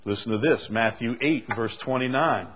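A man's voice: mid-range voice, normal speed, a bit bright. A man preaching a sermon, reading scripture aloud and building to emphatic, rising delivery.

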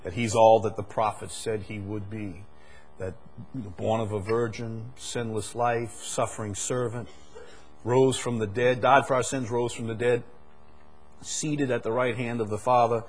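A male preacher with a slightly husky voice, pitched in the middle for a man. He presses his points by repeating them, dropping low and quiet, then climbing loud and high for emphasis. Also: flat delivery, a little slow. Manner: emphatic, repeats key phrases, swings from soft to loud. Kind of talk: sermon.

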